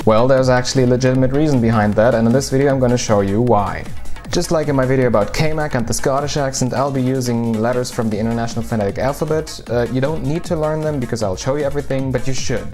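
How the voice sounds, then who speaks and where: A man of middle pitch walks through phonetics in a relaxed, explanatory way. He is dry and lightly joking, and faint music plays behind him. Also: fast talker. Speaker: linguistics teacher. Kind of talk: explanatory video lesson.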